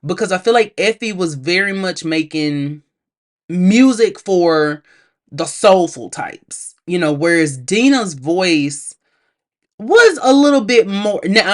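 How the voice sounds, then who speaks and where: A woman giving a casual movie review, chatty and animated, laughing often and talking straight to her viewers. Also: lowish voice. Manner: addresses viewers directly, acts out characters' lines.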